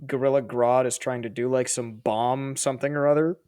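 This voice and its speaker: A man in loose, chatty podcast talk, his voice sitting at an ordinary middle pitch. He recaps scenes with animated energy and keeps breaking into laughter. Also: fairly quick, smooth. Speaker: podcast co-host. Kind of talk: casual chat.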